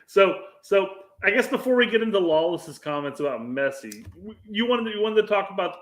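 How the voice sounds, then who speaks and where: A man with a fairly high voice trading profane jokes and teasing jabs as a podcast co-host. He laughs often, and the room around him rings with a noticeable echo. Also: animated, brisk, fairly bright tone. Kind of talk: casual banter.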